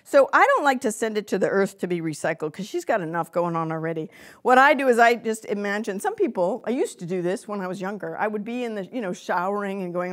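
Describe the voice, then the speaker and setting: A woman's voice: mid-range voice, fast talker. A woman giving an informal spiritual workshop talk to a live audience in a room, rambling and chatty, with many fillers, restarts and frequent laughs. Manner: laughs often, lively when she acts out quotes. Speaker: lecturer on empaths.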